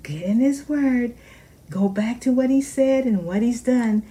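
A middle-aged woman minister preaching a sermon with fervor, swinging from loud exclamations to hushed whispers. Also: a little high, unhurried, slightly rough.

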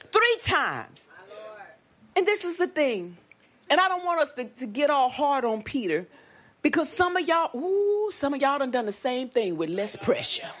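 A woman preacher delivering a sermon with lively call-and-response exclamations and a Black lilt. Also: high voice, normal speed.

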